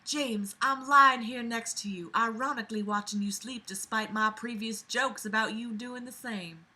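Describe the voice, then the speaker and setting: A woman voicing a teenage girl reading her confessional letter aloud in a put-on Southern Belle accent, soft and earnest. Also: a little high, fairly even intonation, normal speed.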